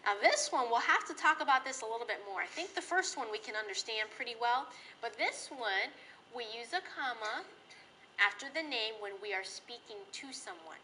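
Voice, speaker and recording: A woman teacher giving a classroom grammar lesson in a patient, clear, sing-song way. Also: on the high side, animated, normal speed, bright, forceful tone, a little hiss or hum, poor audio.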